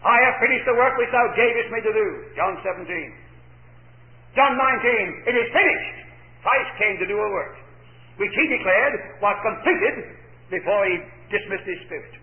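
Emphatic preacher, echoey lo-fi recording. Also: male voice, high voice, lively intonation, normal speed. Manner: emphatic, rhetorical questions answered himself. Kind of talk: sermon.

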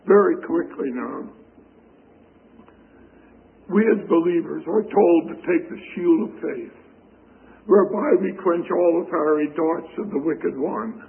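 A man preaching a sermon, reading scripture slowly and deliberately, heard over a tinny radio broadcast. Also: on the high side, creaky, breathy edge.

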